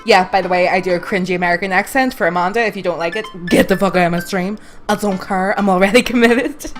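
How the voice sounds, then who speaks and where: A woman's voice: medium pitch, quick pace, soft background music. A woman streaming a dating game, reading its text aloud and joking with frequent laughs and casual swearing.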